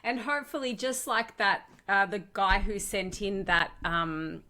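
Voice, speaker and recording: A woman's voice: mid-range voice, unhurried, sharp tone. Brief: female podcast co-host, mid-range voice, earnest casual chat. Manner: reacting, earnest, rambling.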